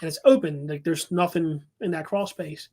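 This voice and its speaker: A man's voice: fairly high pitch, normal speed, a little mellow. A man telling a story as a guest paranormal investigator, talking casually with many fillers and restarts.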